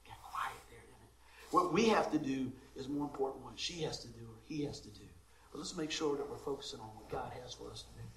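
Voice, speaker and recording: A man's voice: mid-range voice, quick pace, a bit bright, roomy sound. A man, a pastor telling a comic story at the start of his sermon and laughing often along the way.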